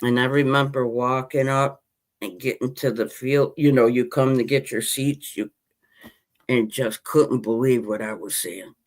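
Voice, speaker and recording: This podcast host, a Western New Yorker in his fifties, goes on an impassioned, rambling rant about his team in casual conversation. His mid-range voice holds a steady tone at a measured pace.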